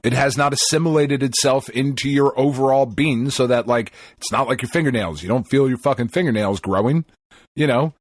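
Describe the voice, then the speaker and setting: A man's voice: mid-range voice, brisk, dry recording. A man co-hosting a podcast, bantering crudely with frequent swearing. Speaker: podcast co-host. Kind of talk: casual chat.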